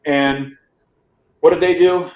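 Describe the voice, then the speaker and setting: A man's voice: on the high side, fairly even intonation, takes it slowly, a little mellow, roomy sound. A man guest on a podcast, telling his life story in a rambling casual way, often restarting words and checking in with "right?". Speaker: interview guest.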